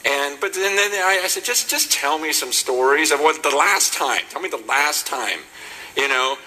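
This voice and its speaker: A man from the United States preaching in an animated storytelling style, acting out the voices of the people in his stories, with frequent "you know" asides. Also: a little high, moderate pace, rough recording. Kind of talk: sermon storytelling.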